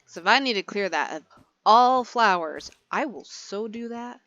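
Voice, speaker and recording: A woman's voice: mid-range voice, expressive, normal speed, a bit bright, no echo, highs cut off. A young woman giving casual gameplay commentary, chatty and rambling, easily sidetracked. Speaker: gaming video creator.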